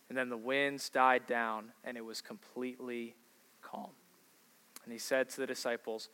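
A man's voice: medium pitch, fairly even intonation, normal speed, pushed and bright, clear, resonant tone. A man preaching a sermon as a pastor in a conversational way, asking the congregation questions.

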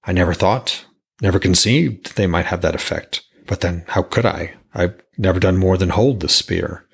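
A man doing an eager smith with a gravelly low voice. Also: normal speed, heavily acted. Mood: musing. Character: Lopt, an eager older male smith.

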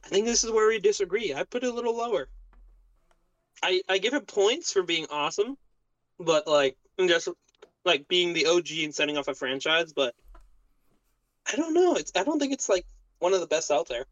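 A man co-hosting a casual podcast, easygoing and quick to laugh, talking while he eats dinner. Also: sits high, expressive, fairly bright tone, dry recording, highs cut off. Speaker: podcast co-host. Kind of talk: casual chat.

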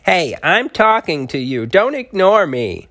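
Guy doing a little outraged sea turtle, squeaky and shrill, storybook read-aloud. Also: expressive, slow, creaky, fairly bright tone, heavily acted. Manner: shrill, indignant shrieking. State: has a cold. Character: tiny furious male sea turtle in evening clothes.

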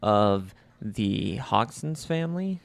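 A man's voice: on the low side, sing-song, slow, creaky, dry recording. A man co-hosting a podcast, adding short remarks in casual film talk. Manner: short agreeing interjections, dry remarks. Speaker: podcast co-host.

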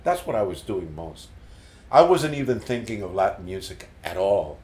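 An older man being interviewed as a musician, telling stories in an animated way and repeating words as he recalls them. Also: low voice, normal speed. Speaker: guest musician. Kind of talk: casual storytelling interview. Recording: roomy echo.

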